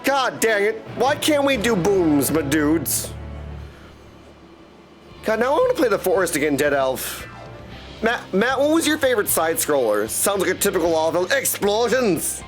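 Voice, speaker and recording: Brief: high-pitched, excitable male streamer rambling to chat, faint music behind. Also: normal speed. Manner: excitable, rambling, keeps saying "my dudes". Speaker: game streamer. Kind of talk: casual live stream chat.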